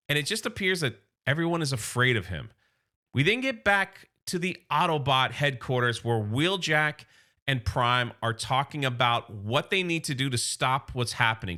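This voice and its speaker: Bright-voiced man recapping a comic. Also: mid-range voice, lively intonation, moderate pace. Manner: chatty, acts out character lines. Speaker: comic book reviewer. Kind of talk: casual recap and commentary.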